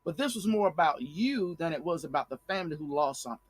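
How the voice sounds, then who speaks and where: A man's voice: on the high side, animated, fast, slightly rough. A man commenting on a court case in a blunt, heated way, repeating himself and restarting sentences as he makes his point. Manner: blunt, repetitive, fiery. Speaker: online commentator.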